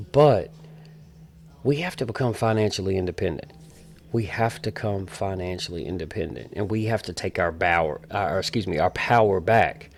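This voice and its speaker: A man in his forties speaks straight to camera with a low, gravelly voice. He talks in an emphatic, repetitive way, preaching his point like street talk. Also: a little mellow. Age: 40s. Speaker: vlogger.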